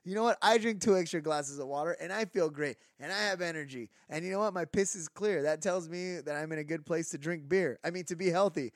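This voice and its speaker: A man co-hosting a casual podcast, rambling through an animated rant full of fillers. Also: on the high side, fast talker, hardly any pauses, dry recording, clean studio sound. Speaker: podcast co-host.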